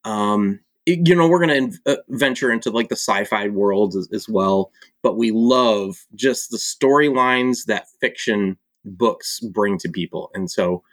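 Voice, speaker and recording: A man from Michigan, an author and publisher, chatting casually as a podcast guest and laughing at himself between halting fillers. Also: lowish voice, dry recording. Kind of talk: casual conversation.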